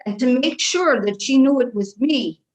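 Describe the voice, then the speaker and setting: A woman speaking as a trance channel with an Irish brogue, talking slowly and soothingly for a group of guides. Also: sits high, lively intonation, rough recording.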